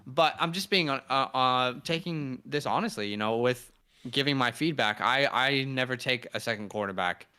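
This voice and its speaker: A man's voice: mid-range voice, moderate pace, pushed and bright, clear, resonant tone. A young man co-hosting a fantasy football mock draft, joking loosely and hyping up viewers. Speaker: fantasy football podcast co-host. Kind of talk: casual live mock-draft chat. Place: indoors, living in Sydney.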